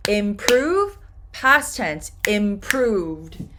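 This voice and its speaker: A woman teaching English pronunciation, repeating each word slowly and clearly for her students. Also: mid-range voice, big pitch swings, noisy background. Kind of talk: slow, deliberate pronunciation lesson.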